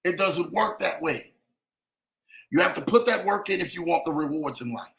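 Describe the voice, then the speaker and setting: A man's voice: on the high side, animated, normal speed, vocal fry, a bit bright. A man hosting a motivational podcast, talking emphatically and repeating phrases for effect, with a preachy, keeping-it-real manner. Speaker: podcast host.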